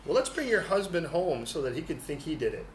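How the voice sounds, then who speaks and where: A male pastor giving a humorous, animated sermon in a church hall. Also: on the high side, a little fast. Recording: echoey hall, faint noise.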